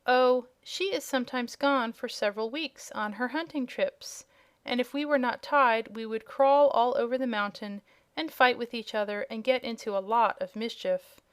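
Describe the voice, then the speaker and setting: Casting: woman doing a haughty young dragon, courteous but hungry, smooth clear tone, storybook. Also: on the high side, normal speed, natural voice. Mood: haughty polite. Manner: polite, regretful, slightly haughty. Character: proud young male dragonette, scaly and hungry. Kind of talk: audiobook character voice.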